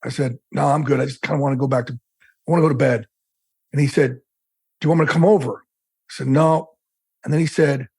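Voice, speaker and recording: A man's voice: fairly high pitch, gravelly, darkish tone, husky, dry recording. A middle-aged man as an interview guest, telling a personal story bluntly and emotionally, swearing freely.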